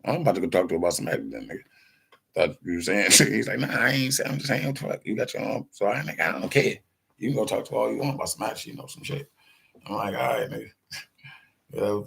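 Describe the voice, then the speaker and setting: A man rambles through stories in a loose, slangy, profane monologue, acting out the voices of the people in them. His voice sits very low, with a gravelly edge and a husky, rough tone. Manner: loose storytelling, slangy, profane, acts out quoted voices, laughs often.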